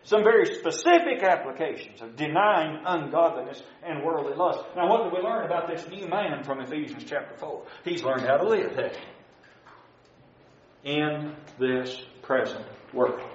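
Folksy high-voiced preacher in echoey church. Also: male voice, moderate pace. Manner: folksy, swinging between loud emphasis and soft drops. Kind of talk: sermon. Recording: echoey church room, dull lo-fi sound.

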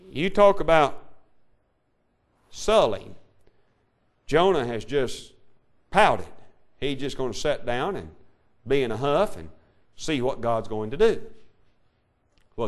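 A male preacher delivering a sermon, reading scripture in an old-fashioned cadence and swinging between loud declaration and quiet asides. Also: medium pitch. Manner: old-style King James reading cadence.

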